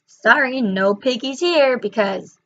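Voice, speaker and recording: A woman's voice: high-pitched, slow pace, fairly bright tone, voice pushed up, exaggerated voice. A woman doing sly little disguised piglets. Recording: slightly muffled recording.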